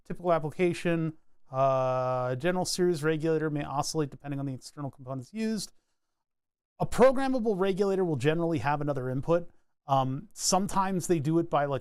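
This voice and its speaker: Male stream host, slightly high voice, dry close mic, rambling jokey tech talk. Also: no echo. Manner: chatty, rambling, jokey asides while reading datasheets. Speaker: PCB design streamer. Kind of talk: casual live-stream walkthrough.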